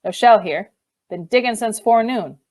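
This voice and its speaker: A woman reading the part of a simple-minded old fisherman who speaks in a slow rustic dialect and repeats himself. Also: a little high, darkish tone, lightly acted. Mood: dazed.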